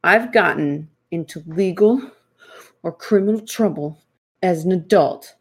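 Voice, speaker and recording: A woman's voice: fairly low pitch, a little slow, breathy edge. A woman co-hosting a podcast, reading quiz questions aloud in casual, profane, teasing banter. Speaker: podcast co-host.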